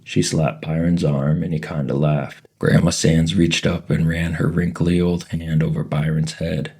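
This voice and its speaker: Very deep gravelly husky man narrating. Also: level tone, normal speed, few pauses, mellow. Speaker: audiobook reader. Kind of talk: reading a novel aloud.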